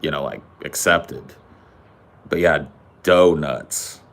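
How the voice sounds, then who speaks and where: A man's voice: a bass voice, takes it slowly, fairly bright tone. A man from the United States co-hosting a podcast, trading casual banter and ranting in a profane, teasing way. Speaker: podcast co-host.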